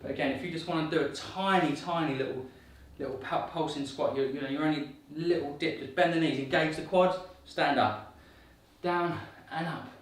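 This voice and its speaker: An upbeat man with a voice on the high side counts reps aloud during guided workout instruction, speaking at normal speed. He's encouraging and slightly breathless as a fitness coach. The mic is distant, so he sounds off-mic in a very echoey room.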